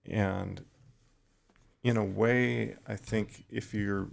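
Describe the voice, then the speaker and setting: A middle-aged man with a low, heavily gravelly voice speaks in a level, even tone. He talks reflectively as a podcast guest, often pausing and restarting his sentences. His pitch stays low and changes little. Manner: thoughtful, halting with frequent restarts. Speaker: retired firefighter guest.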